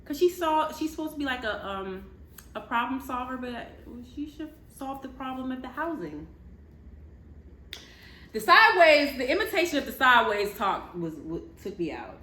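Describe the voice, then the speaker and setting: Animated high-pitched woman gossiping. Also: moderate pace, reverberant, a little hiss or hum. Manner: animated, addresses viewers as y'all, laughs often. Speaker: commentary vlogger. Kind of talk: casual gossip commentary.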